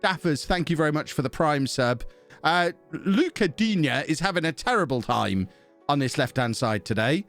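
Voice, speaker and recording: A man's voice: on the high side, animated, normal speed, a bit bright, soft background music. A man casually commentating on his own football management game on a live stream, chatty and self-mocking as he thinks aloud and thanks subscribers.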